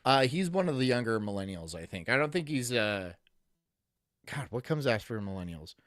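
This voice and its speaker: A man's voice: medium pitch, sing-song, moderate pace, fairly bright tone, dry recording, studio quality. A man in his thirties streaming live, rambling and joking crudely as he reads viewer chat aloud. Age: 30s.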